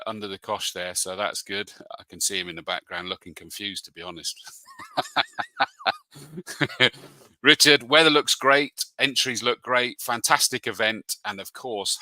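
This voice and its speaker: A motorsport commentator hosts a live show, chatting casually and reading out viewer comments in a matey way, calling people "mate." His voice is lowish and bright with a forceful tone, and there's no echo.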